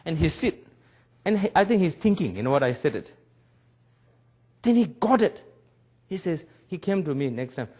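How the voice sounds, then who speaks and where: A man's voice: a little high, big pitch swings, normal speed, pauses often, a little mellow. A man in his forties, a Buddhist teacher giving a public talk in broken English, telling stories and laughing often. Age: 40s. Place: webcast lecture.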